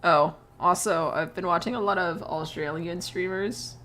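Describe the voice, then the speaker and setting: A young adult woman streamer chatting casually while she draws, telling animated stories, laughing often and swearing freely. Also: fairly low pitch, normal speed, a little hiss or hum. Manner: animated storytelling with voiced quotes.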